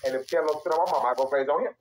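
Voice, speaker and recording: Fiery high-voiced young man with a drawl. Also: very fast, a little hiss or hum, low-quality recording. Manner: fiery, profane, repetitive, emphatic. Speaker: live-stream host. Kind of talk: heated live-stream rant.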